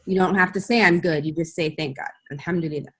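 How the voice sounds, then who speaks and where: A woman's voice: on the low side, steady tone, quick pace, fairly bright tone, husky. A woman teaching a beginner language class online, patiently modelling phrases for students to repeat. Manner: patient, drills phrases for repetition.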